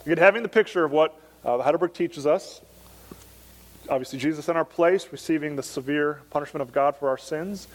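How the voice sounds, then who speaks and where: A male pastor preaching a Sunday morning sermon, earnest and emphatic, slowing down to stress key phrases. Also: a little high. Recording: long church reverb.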